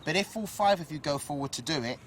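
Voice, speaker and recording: A woman's voice: deep voice, expressive, fast talker, slight background noise. A woman presenting a children's game show, upbeat and teasing as she explains the rules to the kids. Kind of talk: lively TV presenting. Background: music.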